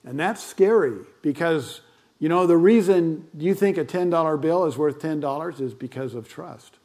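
A man's voice: a little high, moderate pace, darkish tone. An older man with grandchildren, a pastor giving a conversational sermon full of fillers and asides.

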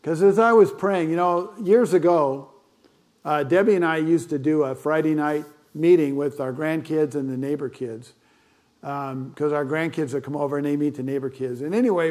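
A man's voice: a little high, normal speed, darkish tone. Older man preaching, conversational. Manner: conversational preaching with fillers and asides. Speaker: pastor. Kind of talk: sermon.

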